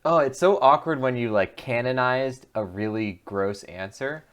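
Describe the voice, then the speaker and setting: A man's voice: mid-range voice, moderate pace, fairly bright tone, clean tone. A man giving chatty, musing commentary over a game as a streamer, often laughing. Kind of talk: gameplay commentary.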